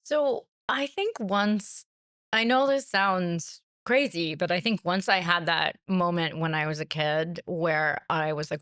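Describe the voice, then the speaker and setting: An American woman guest in an interview, telling stories in a lively way, laughing often and acting out what others said. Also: fairly low pitch, a little slow, clean tone, dry recording, clean studio sound. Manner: animated storytelling, laughs often, quotes others. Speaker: author guest. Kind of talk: interview conversation.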